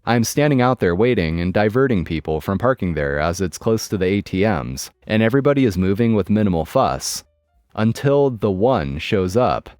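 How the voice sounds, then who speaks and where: A man's voice: on the low side, lively intonation, moderate pace, a little mellow, smooth, no echo. A man reading a first-person story in a wry, matter-of-fact scripted narration. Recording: dry close mic with music bed.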